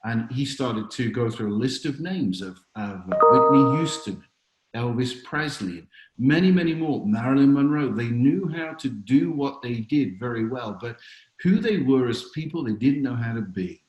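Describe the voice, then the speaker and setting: A man's voice: medium pitch, expressive, moderate pace, echoey room, heavy background noise. A man, a chaplain being interviewed, speaking reflectively and telling stories with frequent fillers. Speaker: chaplain and author, podcast guest. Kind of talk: conversational storytelling interview.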